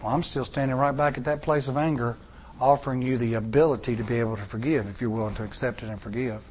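A man's voice: mid-range voice, fairly even intonation, fast, a little hiss or hum. A middle-aged man preaching a sermon to a congregation, with repeated rhetorical questions and rising emphasis. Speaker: pastor.

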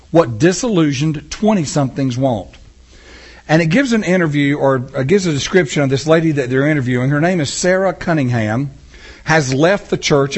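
A man's voice: on the high side, slightly rough. A man preaching a sermon as pastor in his church, impassioned and talking back and forth with his congregation.

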